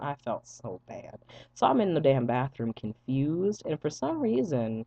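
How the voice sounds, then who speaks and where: A young man vlogging, telling a story casually to his viewers, animated and profane, laughing often as he goes. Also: a little high, measured pace, creaky, husky, no room sound. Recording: dull lo-fi dry sound.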